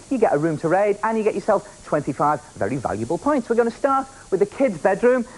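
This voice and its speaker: A man hosting a children's game show, playful and energetic, often shouting to the contestants. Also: sits high, poor audio. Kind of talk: lively TV game show presenting.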